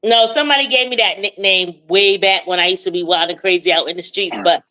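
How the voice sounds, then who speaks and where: A Boston woman in her forties with a Boston accent calls in to a live show for casual chat. Her medium-pitched voice is a little fast, pushed and bright; she's chatty, talks over the host and laughs often.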